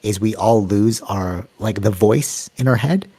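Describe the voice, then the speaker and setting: A man's voice: lowish voice, a little slow, husky. A man co-hosting a podcast, telling rambling stories in casual chat and acting out what people said. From Canada. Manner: rambling, animated storytelling with acted-out quotes. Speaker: podcast co-host.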